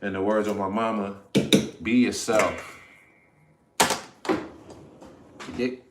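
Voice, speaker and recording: Slow, laid-back man chatting on a livestream. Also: fairly low pitch, steady tone, echoey room, heavy background noise. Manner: laid-back, chatty, talks to viewers in chat. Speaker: livestream host. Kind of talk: casual livestream chat. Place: home kitchen.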